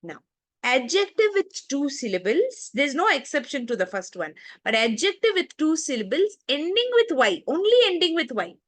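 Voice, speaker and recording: A woman's voice: high-pitched, very animated, normal speed, no echo. Teacher woman drilling word forms, dry sound. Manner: explains step by step, repeats word forms aloud, checks in with the class. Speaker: English teacher. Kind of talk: online class lesson.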